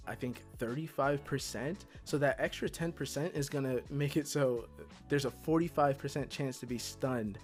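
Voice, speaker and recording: A man talking through a strategy game guide in a loose, chatty way, full of "like" and "I don't know". His voice sits at an ordinary middle pitch, and he gives blunt opinions that turn eager when he talks strategy. Faint music plays softly behind him. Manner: chatty, filler-heavy, candid opinions; gets excited about strategy. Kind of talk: casual game commentary.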